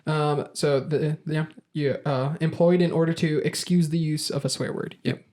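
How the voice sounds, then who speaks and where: A man's voice: fairly high pitch, steady tone, normal speed, darkish tone, a little hiss or hum. A man hosting a casual podcast quiz, reading idiom origins aloud with stumbles and laughs. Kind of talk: casual group podcast chat.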